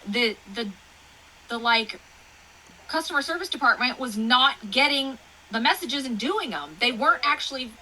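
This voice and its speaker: Bright-voiced Texan woman with faint hiss. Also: fairly high pitch, poor audio. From Texas. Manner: rambling, animated storytelling with fillers. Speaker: guest author. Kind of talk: casual interview chat.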